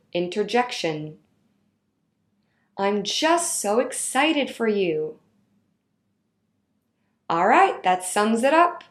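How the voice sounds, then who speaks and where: A woman reading out a grammar lesson in a clear, instructional way. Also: mid-range voice, roomy sound. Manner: slow, clear instructional delivery. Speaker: teacher. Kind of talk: scripted lesson narration.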